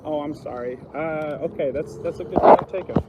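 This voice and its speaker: A man's voice: on the high side, a little fast. Rambling joking man outside. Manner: loose rambling jokes with fillers. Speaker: guest comedian. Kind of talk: casual walking livestream chat. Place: outdoors on city streets. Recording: noisy outdoor street sound.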